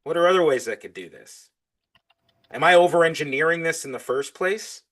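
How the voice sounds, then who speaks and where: A man's voice: on the high side, lively intonation, brisk, a bit bright. A man talking as a podcast guest in casual interview chat. He is enthusiastic and acts out both sides of his back-and-forth conversations.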